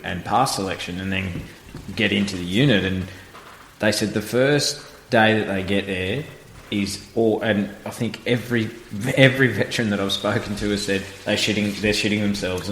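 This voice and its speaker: A man's voice: on the low side, fairly bright tone. A man hosting a podcast, asking long, rambling questions and recalling what earlier guests told him. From Australia. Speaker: podcast host. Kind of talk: casual podcast interview. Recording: echoey room with faint background noise.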